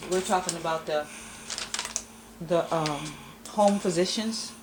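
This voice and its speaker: A woman visiting to interview a man at home, asking brisk questions and affirming what he says. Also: fairly low pitch, background noise. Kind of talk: casual interview. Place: home bedroom.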